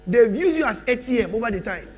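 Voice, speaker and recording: A man pastor preaching a sermon at a church service, shouting declarations and calling for the congregation to respond. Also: extremely high pitch, expressive, fast.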